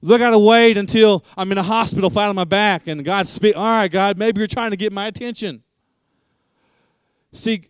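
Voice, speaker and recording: High, crisp-voiced male preacher. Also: moderate pace, no room sound. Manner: impassioned preaching with frequent repetition and asides. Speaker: pastor. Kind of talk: sermon.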